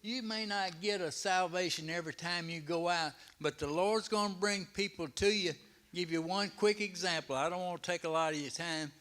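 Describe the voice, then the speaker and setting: A man's voice: high voice, moderate pace, a bit bright. A man from the audience sharing a humble, heartfelt personal testimony in plain words. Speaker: audience member. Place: church sanctuary.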